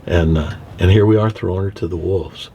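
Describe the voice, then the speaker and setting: A veterinarian telling a heartfelt personal story from inside his car, halting and restarting as he speaks. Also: deep voice, fairly even intonation, warm tone, a little hiss or hum. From Texas. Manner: halting, with many restarts and repeated words. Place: inside a car, window open.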